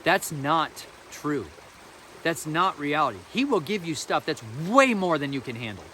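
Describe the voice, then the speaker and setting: A man's voice: a little high, sing-song, a little slow, pushed and bright, a little hiss or hum. A man giving an informal spiritual teaching as a podcast host, earnest, emphatic and colloquial.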